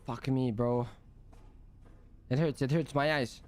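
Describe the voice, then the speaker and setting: Young guy streaming a game, jumpy and swearing a lot, mid-pitched voice. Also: fairly even intonation, slow, a little mellow. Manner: jumpy, swears, talks to himself. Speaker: gameplay streamer. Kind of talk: let's play commentary.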